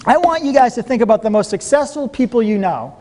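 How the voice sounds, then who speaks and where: A man giving a motivational seminar talk to a live audience, telling stories in an animated way and laughing often. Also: very high-pitched, quick pace, slight background noise. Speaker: seminar speaker.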